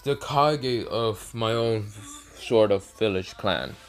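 A man's voice: fairly low pitch, takes it slowly, faint music behind. A man voicing a furious, vengeful grandfather clan leader, growling angry threats in a casual fan story. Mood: menacing. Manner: gruff angry threats, stumbling rewording.

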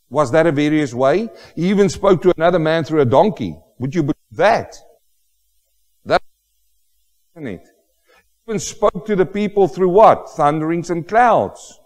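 A man preaching a sermon with emphatic, exclamatory delivery, building to loud rhetorical questions. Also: on the high side, long reverb tail. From Australia. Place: church hall.

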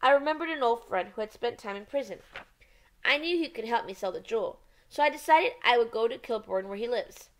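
A panicky, pleading man caught red-handed, read by a woman, his voice climbing high and tight. He rushes through his confession, anxious and begging for mercy. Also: animated. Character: frightened, pleading male hotel thief.

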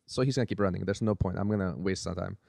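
A man with a low, gravelly voice tells a story in casual podcast chat. He talks quickly and acts out each quoted line. The sound is close and dry. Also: no echo. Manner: animated storyteller acting out quotes. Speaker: guest.

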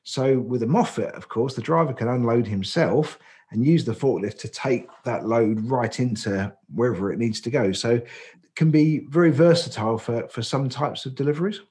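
A man's voice: mid-range voice, moderate pace, a little mellow. An English man co-hosting a podcast, explaining licence training at length in casual chat, with frequent fillers and self-corrections. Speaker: podcast co-host.

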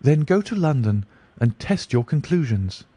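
Sharp impatient young lady from a storybook, pitched well up, read by a man, dry close sound. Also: sing-song, moderate pace, slightly rough, dry recording. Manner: pointed, with asperity.

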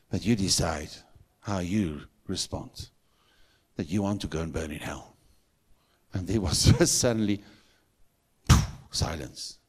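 A man's voice: low-pitched, breathy edge. A middle-aged man with a South African accent, preaching a sermon in a church and telling stories with emphatic, rising calls. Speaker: pastor.

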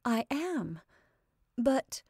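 A woman's voice: on the high side, big pitch swings, slightly rough, no echo, studio quality, voice pushed up, exaggerated voice. A woman voicing a playful, impulsive young woman who bubbles over with laughter. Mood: giggly. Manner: bright, bubbly, quick to laugh.

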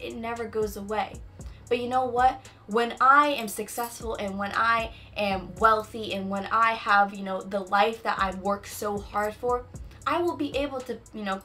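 A woman's voice: medium pitch, pushed and bright. A young adult woman hosting a casual faith-based talk, chatty and full of "you know what I'm saying.". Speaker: podcast host.

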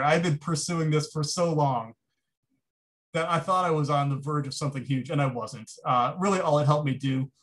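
Man telling a story in a keynote. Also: a little high. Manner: anecdotal, conversational with restarts. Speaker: keynote speaker. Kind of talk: storytelling lecture.

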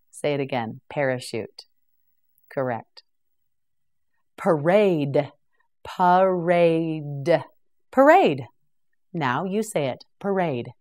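Slow, patient woman teaching English words. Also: deep voice. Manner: patient, repeats each word slowly, gently praises. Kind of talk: slow, clear pronunciation drill.

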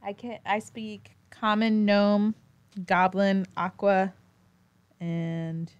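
A woman player in a tabletop game, excitable and chatty. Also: medium pitch, takes it slowly, dull audio.

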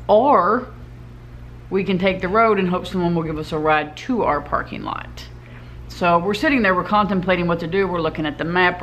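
A woman's voice: on the low side, a bit bright, a little hiss or hum. A woman vlogger telling a travel story to camera in a chatty, easygoing way, laughing now and then.

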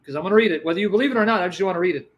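A man's voice: sits high, very fast, low-quality recording. A man in a live religious debate, pressing his opponent with questions and reading scripture aloud. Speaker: Christian debater.

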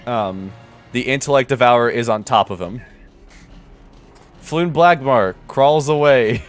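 A man runs a tabletop game in an easy, relaxed way, calling rolls and describing what the monsters do. His voice sits at an ordinary pitch, with faint music playing softly behind him. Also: measured pace. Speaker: game master.

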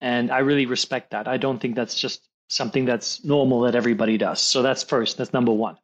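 A man speaking as a high-performance coach in a gentle coaching conversation. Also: steady tone, brisk, dull audio. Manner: gentle, acts out quoted voices.

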